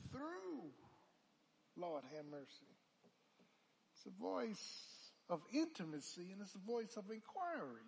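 A male preacher delivering a call-and-response sermon, moving from hushed murmurs to loud, drawn-out calls. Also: on the high side.

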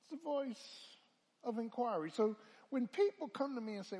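A male preacher delivering a call-and-response sermon, moving from hushed murmurs to loud, drawn-out calls. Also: high voice, animated.

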